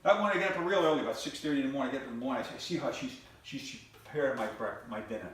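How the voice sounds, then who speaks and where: An older man telling stand-up jokes on a club stage, in deadpan storytelling with repeated phrases. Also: medium pitch, rapid-fire. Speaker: stand-up comedian. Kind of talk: stand-up comedy routine. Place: comedy club stage before a live audience. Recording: very echoey room from a distant mic.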